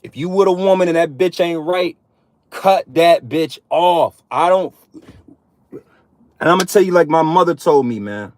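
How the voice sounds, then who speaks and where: A man's voice: a little high, unhurried, no room sound. Profane, preachy man in a dry room. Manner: profane, repetitive, streetwise slang. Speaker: online preacher addressing men. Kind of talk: casual preachy monologue.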